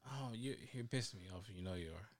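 A man's voice: on the low side, animated, fast talker. A man co-hosting a casual podcast, making short, blunt and teasing remarks. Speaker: podcast co-host.

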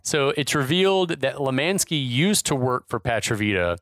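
A man's voice: medium pitch, very animated, moderate pace, fairly bright tone, no room sound. A man recapping a film on a podcast in casual, profane chat, laughing often. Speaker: podcast co-host.

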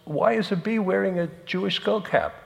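A man voicing a curious, nosy male fly in a spoken joke, asking high, wondering questions. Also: moderate pace, gravelly. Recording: long hall reverb.

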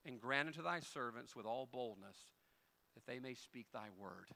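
Man preaching to his church, bright higher voice, jokes around then gets loud and fired up. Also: brisk, gravelly. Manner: swings from quiet storytelling to loud, rising preaching; folksy, humorous asides to the congregation. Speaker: pastor. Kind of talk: sermon.

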